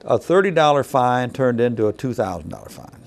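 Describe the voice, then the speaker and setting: A man's voice: mid-range voice, lively intonation, a little fast. A middle-aged man working as a weigh station inspector, telling stories in a folksy, casual way and acting out the dialogue. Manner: folksy, acts out dialogue in others' voices. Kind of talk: casual storytelling.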